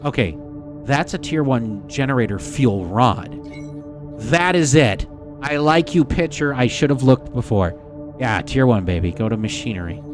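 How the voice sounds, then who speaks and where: A man streaming a game live, talking straight to his viewers in a loose, chatty way. His pitch swings widely as he gets worked up, and he swears casually. Faint music plays underneath. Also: lively intonation, unhurried. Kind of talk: live gameplay commentary to chat.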